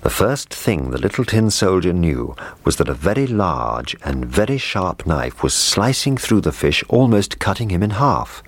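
Male storybook narrator, very deep, expressive swings. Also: normal speed, hardly any pauses, slightly rough, no echo. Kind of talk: storybook reading.

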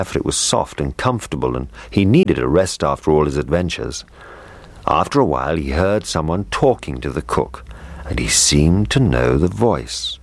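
A man reading a children's fairy tale aloud in a gentle, measured way. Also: extremely low pitch. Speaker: storyteller. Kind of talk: scripted narration.

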